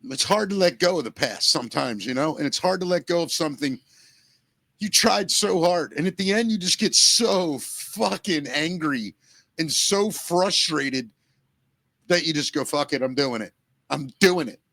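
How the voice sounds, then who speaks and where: A man co-hosting a podcast, speaking earnestly and emotionally, close to tears, with halting restarts and swearing. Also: a little high, expressive, creaky, bright, forceful tone, no room sound. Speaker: podcast co-host.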